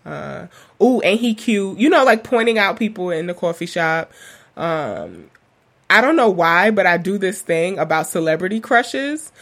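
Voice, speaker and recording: A woman's voice: fairly low pitch, very animated, moderate pace, vocal fry, a bit bright. Candid, rambling young woman podcaster. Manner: rambling, candid, profane storyteller who often laughs. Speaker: podcast host. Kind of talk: casual podcast monologue.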